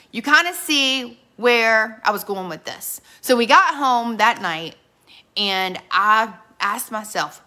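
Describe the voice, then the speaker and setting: A woman's voice: a little high, bright, forceful tone. A middle-aged woman giving a motivational sales team training, telling earnest stories with quoted dialogue and speaking straight to her listeners. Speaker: direct sales team leader.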